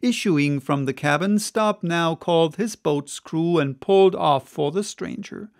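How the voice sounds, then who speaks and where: A man reads a classic sea novel aloud as an audiobook, taking it unhurried and expressive. His voice is fairly high with a gravelly, creaky texture. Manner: measured, expressive reading. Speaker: audiobook narrator. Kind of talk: unabridged audiobook reading.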